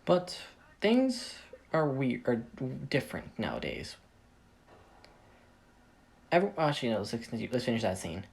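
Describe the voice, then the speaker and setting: A man reads his own fan story in a casual, rambling way, often cutting himself off and joking between scenes. His voice sounds a little tired, and his pitch jumps around a lot as he talks. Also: wildly swooping pitch, moderate pace, creaky, long pauses. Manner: rambling, self-interrupting, jokey. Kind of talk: casual story reading with asides. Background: video game playing.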